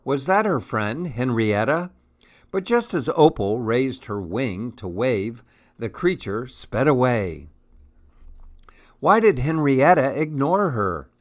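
A man reading a children's picture book aloud in a gentle, expressive way. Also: mid-range voice, slow. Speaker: storyteller.

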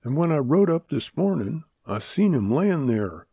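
A man voicing a mild, slow-spoken cowboy in a western audiobook, with a higher, easy drawl. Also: big pitch swings, creaky, warm tone, breathy edge, no echo, heavily acted. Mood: calm.

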